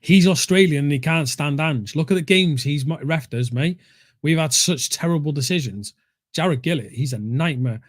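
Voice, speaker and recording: Blunt man, fairly high voice. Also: normal speed, no echo, clean studio sound. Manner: blunt, opinionated, says mate a lot. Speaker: co-host of a fan talk show. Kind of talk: casual football chat.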